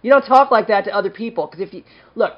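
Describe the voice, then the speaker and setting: A man's voice: high-pitched, fast, muffled recording. A man co-hosting a podcast in casual, jokey chat, laughing often. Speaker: podcast co-host.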